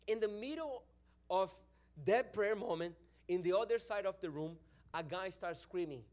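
A Brazilian-accented man gives an excited sermon testimony in a somewhat high voice. He moves between soft, earnest prayer and loud bursts of praise. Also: normal speed. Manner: animated storytelling, swings from hushed prayer to loud praise. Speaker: preacher.

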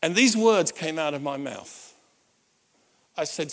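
A man's voice: a little high, takes it slowly, gravelly, long pauses. Middle-aged male pastor telling a story. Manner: animated personal storytelling with frequent restarts and audience asides. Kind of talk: sermon storytelling.

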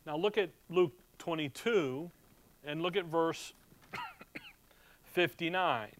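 A man's voice: on the high side, slow, a little hiss or hum. Man preaching a casual, chatty sermon. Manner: conversational preaching, reads scripture aloud. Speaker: pastor.

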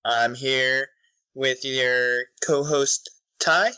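A man's voice: medium pitch, fairly even intonation, very slow, sharp tone, clean tone, no room sound, low-quality recording. A young man co-hosting a podcast in casual chat, joking and loose, often trailing off with fillers. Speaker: podcast co-host.

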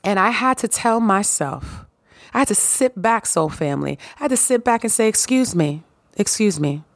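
A woman hosting her own podcast, hoarse and raspy from a sore throat, talking straight to her listeners in a sassy, preachy motivational monologue. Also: a little high, expressive, moderate pace, no echo, studio quality. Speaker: podcast host.

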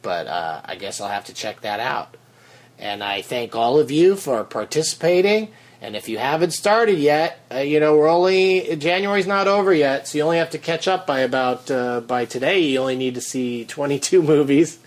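Relaxed man hosting a podcast. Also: on the high side, moderate pace. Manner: relaxed and rambling, with many fillers. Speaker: podcast host. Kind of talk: casual podcast chat.

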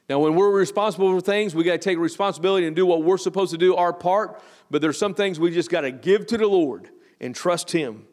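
Male pastor, higher voice, slow emphatic sermon delivery, church hall echo. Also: darkish tone. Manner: slow emphatic scripture reading, drawn-out phrases. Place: church sanctuary. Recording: long church hall reverb.

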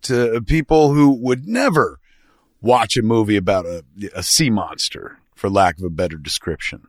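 A man's voice: fairly low pitch, animated, moderate pace, no echo, clean studio sound. A man hosting a casual film talk show, rambling loosely with lots of fillers and asides. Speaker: podcast host.

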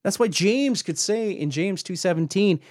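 This man hosts a podcast and teaches the Bible in a high-sitting, animated, slightly mellow voice at a moderate pace. The studio-quality audio has no room sound, and his earnest, emphatic theology teaching climbs sharply as he presses points.

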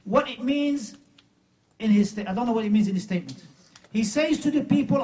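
A man delivers an emphatic sermon, slipping into scornful retellings of the claims he is criticizing. His voice sits high for a man. The microphone is some distance away, so he sounds a little removed. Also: brisk, dark tone. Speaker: preacher.

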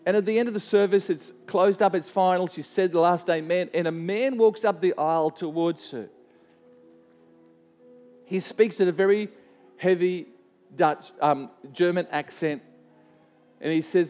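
A man's voice: high voice, measured pace, pauses often, a little mellow, in a large hall, soft background music. A man preaching a sermon to a church, telling a story earnestly and often restarting his sentences. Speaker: pastor.

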